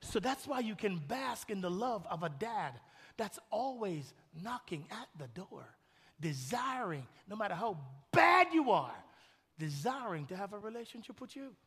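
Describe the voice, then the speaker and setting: A man's voice: sits high, sing-song, moderate pace, breathy edge. Male pastor, thirties, passionate sermon delivery, hall reverb. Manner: preaching, swings from loud shouted peaks to soft hushed storytelling. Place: large church hall.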